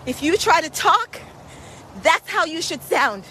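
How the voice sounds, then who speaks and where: A woman with a very high voice walks through a park while pacing her listeners. She talks slowly and deliberately, repeating encouraging cues, and sounds a little breathy from moving. Faint outdoor noise sits behind her voice. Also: lively intonation, bright, forceful tone, poor audio. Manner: encouraging, repetitive coaching cues. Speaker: walking pace coach. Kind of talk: motivational workout vlog while walking.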